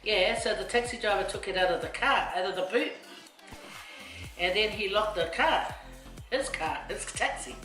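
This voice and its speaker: A woman's voice: mid-range voice, normal speed, fairly bright tone. A middle-aged woman from Samoa telling a rambling story with laughing asides while she cooks. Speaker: vlogger. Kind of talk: casual storytelling while cooking. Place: home kitchen. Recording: echoey kitchen with faint music.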